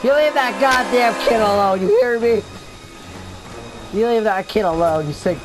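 A man yells taunts and trash talk while he plays, his commentary loud and excitable. Game music runs clearly underneath his voice. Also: high voice, normal speed. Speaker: gamer. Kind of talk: gameplay commentary.

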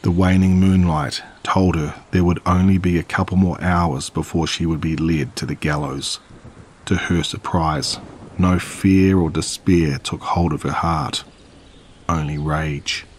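Deep, husky male horror narrator. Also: steady tone, unhurried.

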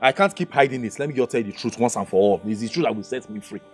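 An actor with a Nigerian accent playing a restless, evasive fiancé who turns defensive in a movie drama. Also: male voice, expressive, racing, lightly acted. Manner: defensive, evasive, bursts into high shouts. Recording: faint background music score.

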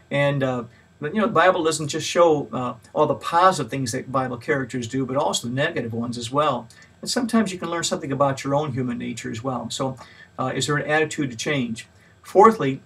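A man's voice: medium pitch, fairly bright tone, breathy edge, recorded from a distance. A man giving a mini lecture on Bible study in a plain, patient teaching manner, with frequent fillers and extra stress on each point he lists. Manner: stresses key words when listing points.

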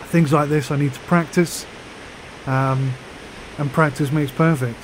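A man chatting casually on a flight sim vlog, rambling with fillers and pausing through the hiccups. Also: fairly high pitch, fairly even intonation, slight background noise, low-quality recording. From United Kingdom.

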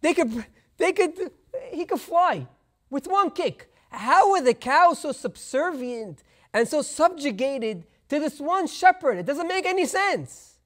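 A man's voice: very high voice, very animated, measured pace, fairly bright tone, pitched above the performer's own voice, exaggerated voice. A man playing a humble male village school teacher who explains himself in a reflective, patient way while telling a story in a sermon. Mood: wondering.

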